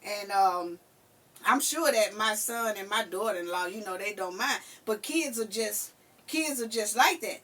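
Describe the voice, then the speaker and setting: An older woman hosting a casual chat, telling stories in an animated way and acting out what people said. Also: medium pitch, a little slow, far from the mic. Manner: animated storyteller who acts out quotes. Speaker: podcast host.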